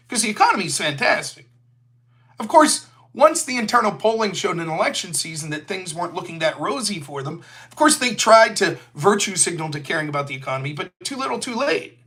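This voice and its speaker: A man's voice: sits high, big pitch swings, brisk, pushed and bright. A man hosting a solo political commentary show, sarcastic and mocking, who slips into silly voices to mimic his opponents. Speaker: show host.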